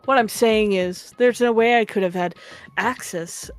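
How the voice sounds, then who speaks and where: Kirigiri, a cool and guarded teenage girl detective, read out by a woman, speaks in terse, matter-of-fact lines at a middling pitch. Faint music plays behind her. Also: a little slow, clean tone, natural voice. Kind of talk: dramatic reading of game dialogue.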